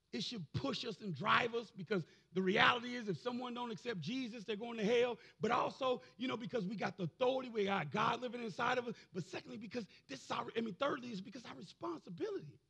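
A man preaching a sermon as pastor, building to shouted emphasis and calling out to the congregation. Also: extremely high pitch, vocal fry, slightly rough. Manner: preaching with rising, shouted emphasis and audience call-and-response.

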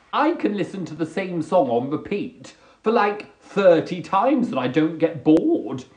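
A man doing a chatty live comedy monologue from his sofa, camp and theatrical, jumping into high squealing voices when he quotes people. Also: roomy sound. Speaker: comedy livestreamer. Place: home, on a sofa.

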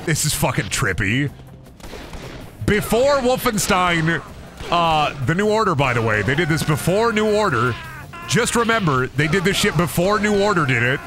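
A man's voice: on the high side, big pitch swings, normal speed, over music. A man streaming a video game, talking in a crude, rambling, joking way. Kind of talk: gaming stream commentary.

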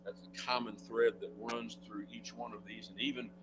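A man's voice: fairly low pitch, level tone, moderate pace, music in the background. An older man giving a conversational church lecture, with wry asides. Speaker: guest speaker. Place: church meeting room. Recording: noisy room recording with hum.

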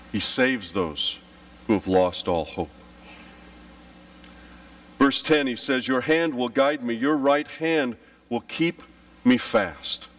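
A man preaching a sermon as pastor, telling stories with lively, dramatic delivery and acted-out cries. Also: mid-range voice, recorded from a distance. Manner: animated storytelling, acting out his childhood panic with shouts. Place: church.

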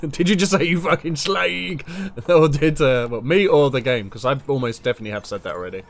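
A man's voice: medium pitch, animated, normal speed, slight background noise. A man commenting casually on a video game as he plays, crude and joking. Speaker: gaming streamer.

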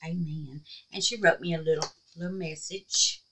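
A woman's voice: low-pitched, steady tone, moderate pace, sharp tone, a little hiss or hum, rough recording. A woman hosting a crafting vlog at home, chatting in a folksy, affectionate way and often dropping to a near whisper. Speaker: crafting channel host. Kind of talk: casual crafting vlog chat.

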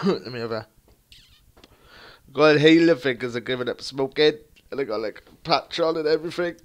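A young man commentating his own football video game match, excitable and crude, muttering one moment and shouting the next. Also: mid-range voice, normal speed, pauses often. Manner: crude banter. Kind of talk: live gameplay commentary.

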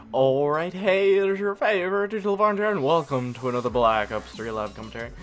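A man giving live commentary over his own gameplay, jokey and prone to sudden yelps and shouts. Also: high voice, level tone, quick pace, soft background music. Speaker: gaming commentator.

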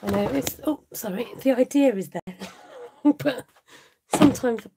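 A British woman chats through a live craft session, thinking aloud and now and then dropping to a whisper. Her voice has a gravelly, fry-tinged edge. The home recording carries steady background noise and clicks. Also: fairly high pitch, unhurried. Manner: chatty, thinks aloud, drops into whispered asides. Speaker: craft channel host. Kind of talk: live crafting chat with viewers.

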